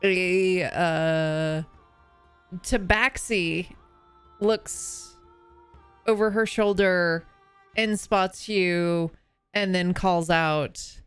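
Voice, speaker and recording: A woman's voice: fairly low pitch, drawn-out words, pauses often, smooth, soft background music. A woman narrating as game master of a tabletop game, hesitant and full of fillers.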